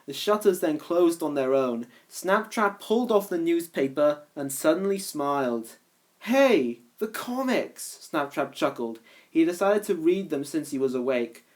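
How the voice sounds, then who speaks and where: Low-voiced woman reading with lively swings. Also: normal speed. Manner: lively, shifts voices for each character. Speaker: reader. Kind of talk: reading a fan story aloud.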